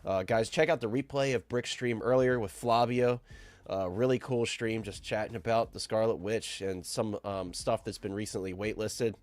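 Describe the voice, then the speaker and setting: A man hosting a live stream while sick, sounding nasal and stuffed up, upbeat and shouting out chat viewers. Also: fairly low pitch, steady tone, normal speed, dry recording. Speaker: host.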